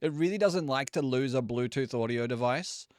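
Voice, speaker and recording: A young man streams a racing game live, chatting casually, swearing freely, and apologizing to viewers for audio trouble. His voice is medium-pitched at normal speed, with studio-quality sound and no echo.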